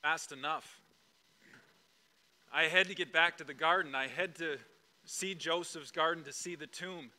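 A man performing an emotional first-person dramatic monologue, swinging between hushed lines and loud outbursts. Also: on the high side, a little slow, pauses often. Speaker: dramatic storyteller.

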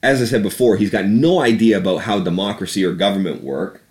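A man's voice: on the low side, fairly quick, darkish tone. A man ranting about politics on a podcast, profane and sarcastic. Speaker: podcast host. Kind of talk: casual political rant.

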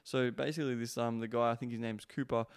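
A man's voice: mid-range voice, flat delivery, fast talker, clear, resonant tone, dry recording, studio quality. A young man hosting a solo podcast, talking in a rambling, profane way full of fillers. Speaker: podcast host, sex coach. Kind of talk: casual solo podcast monologue.

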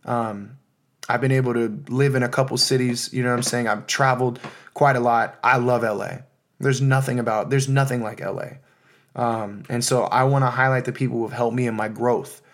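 A man's voice: mid-range voice, steady tone, a little fast. An American man in his thirties, hosting his own podcast alone in a loose, heartfelt monologue with many fillers. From United States. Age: 30s. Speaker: podcast host. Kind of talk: casual solo podcast monologue.

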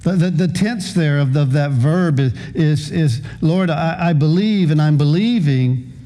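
A man in his fifties preaching a sermon as pastor, with a halting delivery full of repeated words. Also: a little high, warm tone.

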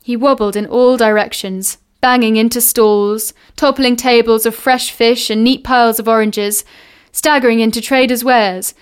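A woman reads a novel aloud, measured and unhurried. Her voice sits a little high and sounds smooth and clear. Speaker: reader. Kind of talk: audiobook reading of a novel.

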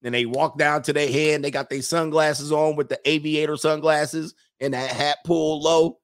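A man's voice: fairly high pitch, little pitch movement, normal speed, hardly any pauses. A man hosting a livestream, reading chat comments and mocking them in a brash, joking way.

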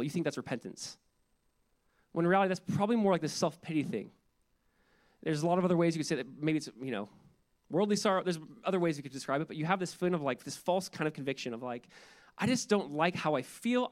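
A man's voice: on the high side, a little mellow. A man preaching a sermon as pastor, in an earnest, conversational way, acting out inner prayers in quoted asides.

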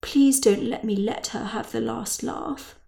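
A woman's voice: a little high, a little slow, vocal fry, warm tone. A woman voicing a self-pitying, snobbish middle-aged mother who grumbles in a plaintive voice. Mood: complaining.

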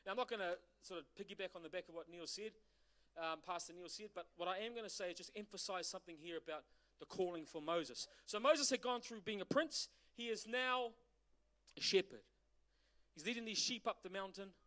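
A man's voice: high voice, a little fast. A middle-aged man preaching a sermon as pastor, asking the congregation questions. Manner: animated preaching with rhetorical questions.

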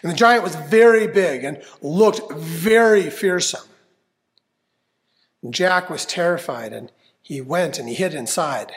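Lively, gravelly male storyteller. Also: a little high, takes it slowly. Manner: expressive, inviting listeners to join in. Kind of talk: reading a fairy tale aloud. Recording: long hall reverb.

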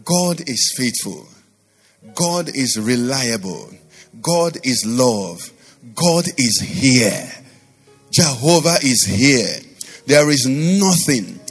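A man's voice: mid-range voice, big pitch swings, extremely slow, breathy edge, big-room sound, faint music behind. A male pastor preaching and leading prayer, with rhythmic repetition and rising fervent declarations. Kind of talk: sermon with prayer over music.

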